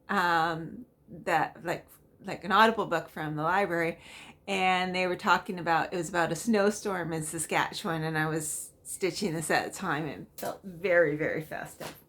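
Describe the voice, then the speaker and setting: A woman's voice: lowish voice, fairly bright tone. A middle-aged woman chatting casually at home as a cross-stitch vlogger, rambling with frequent ums and small laughs. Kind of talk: casual chatty show-and-tell.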